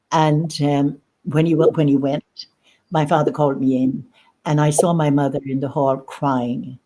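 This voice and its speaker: A woman recounting personal experience as an interview guest, halting and emotional, often repeating her phrases. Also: sits low, dark tone, slightly rough. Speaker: guest sharing lived experience. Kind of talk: personal testimony in conversation.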